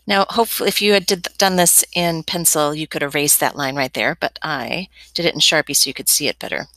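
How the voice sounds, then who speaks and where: A woman's voice: deep voice, brisk, a bit bright, dry recording. A young woman teaching a step-by-step drawing lesson as an art teacher, chatty and encouraging with playful asides.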